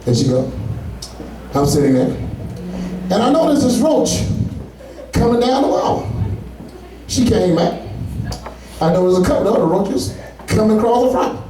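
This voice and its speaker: A man's voice: high-pitched, very animated, normal speed, long pauses, mellow, slight background noise. A man doing a stand-up comedy set, telling loose, profane stories with asides to the audience. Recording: echoey room, far from mic.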